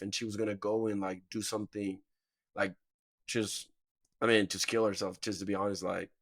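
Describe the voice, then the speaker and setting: Chill host guy, slangy and loose, lowish voice, dry close sound. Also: flat delivery, normal speed, a bit bright, no room sound. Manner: laid-back slangy talk, many fillers. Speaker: podcast host. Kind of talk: casual interview chat.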